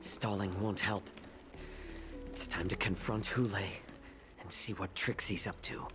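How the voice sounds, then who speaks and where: A man voicing a calm firm messenger. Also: fairly low pitch, unhurried, natural voice. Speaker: game character. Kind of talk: video game dialogue. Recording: game audio with music.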